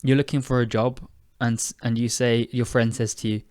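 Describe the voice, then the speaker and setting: A tired young British man talks through everyday English phrases in a chatty, rambling way, often correcting himself. His voice sits at an ordinary middle pitch. The sound is dry and close, with no room around it. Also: flat delivery, brisk, a little mellow, dry recording. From United Kingdom. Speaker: podcast host and English teacher. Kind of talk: casual podcast lesson.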